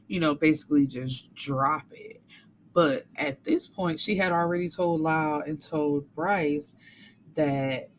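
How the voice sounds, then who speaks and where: A woman's voice: low voice, takes it slowly, a bit bright, slight background noise. A woman reviewing a book in a casual recap, talking candidly with some cursing and acting out characters' lines.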